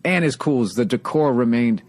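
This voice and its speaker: Profane storytelling comedian, podcast host. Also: male voice, medium pitch, animated, normal speed, a little mellow. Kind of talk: casual chat, storytelling.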